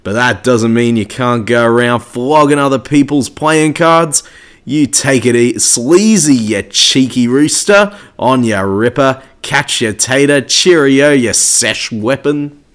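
A man's voice: medium pitch, slow pace, clean tone. A man, co-hosting a casual chat and reading comments aloud with banter. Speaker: podcast co-host.

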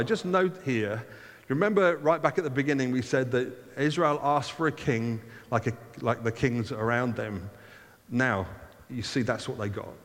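A man's voice: mid-range voice, moderate pace, a bit bright, long reverb tail. A man reading a Bible passage aloud as a preacher, stopping often to comment in a casual, conversational way. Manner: reads scripture then breaks off to comment conversationally.

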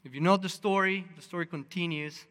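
Animated preacher man in a reverberant hall. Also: sits high, brisk. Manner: animated, acts out quotes, many fillers and restarts. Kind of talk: sermon with personal storytelling.

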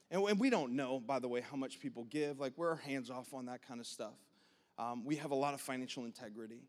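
A pastor in his thirties preaching a sermon, animated, acting out quoted voices of God and his congregation. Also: mid-range voice.

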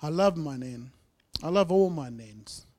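A man sharing his personal testimony in church, telling his story earnestly, with swings between loud and soft. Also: on the high side, animated, a little slow. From New Zealand. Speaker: guest speaker sharing testimony.

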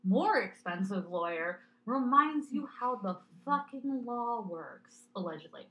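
A podcast co-host with a woman's pitch in casual fan chat, sardonic and profane, going off on quick tangents. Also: lively intonation, pushed and bright, poor audio.

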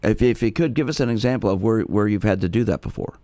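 A man's voice: lowish voice, fast talker, warm tone, dry recording. A man hosting a call-in radio talk show who often restarts and repeats words.

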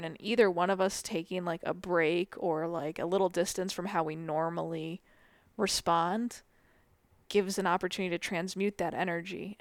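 Earnest woman with a gravelly, creaky voice. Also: on the low side, no room sound. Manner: earnest, philosophizing, swears casually. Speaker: podcast co-host. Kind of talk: casual chat.

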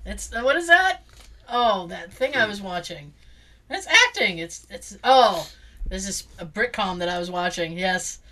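A woman hosting a casual chat, opinionated and quick to laugh. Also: mid-range voice, lively intonation, pushed and bright. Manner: bubbly, opinionated, laughs often. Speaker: podcast host.

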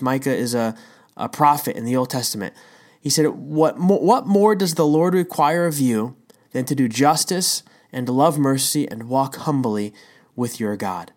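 A devotional teacher giving a casual talk, telling a story with emphatic rhetorical questions and chatty asides. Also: medium pitch. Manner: conversational, says "dude" and "right?".

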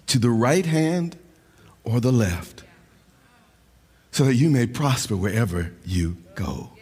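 A man preaching a sermon in a chanting, sing-song cadence that swells into shouts. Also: medium pitch, animated, takes it slowly, long pauses, husky, long reverb tail.

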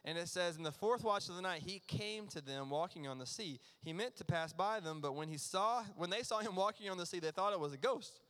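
A man preaching a sermon as pastor, earnest and emphatic, sometimes dropping to a near hush. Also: high-pitched, lively intonation, brisk, hardly any pauses, smooth. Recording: long reverb of a large hall.

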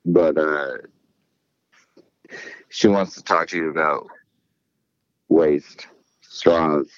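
A man's voice: very deep voice, steady tone, extremely slow, no room sound, muffled recording. A man casually chatting as a podcast co-host, telling stories hesitantly with lots of fillers. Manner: hesitant, filler-heavy storytelling. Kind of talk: casual chat.

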